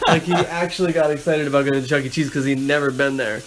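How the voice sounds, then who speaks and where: A man's voice: medium pitch, steady tone, fast, a bit bright, slight background noise, poor audio. A man hosting a casual chat, upbeat and playful with his co-host.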